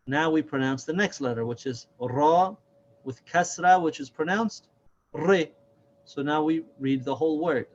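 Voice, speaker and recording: Slow, patient man teaching reading. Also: fairly high pitch, highs cut off. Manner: patient, repeats each syllable slowly. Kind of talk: slow step-by-step reading lesson.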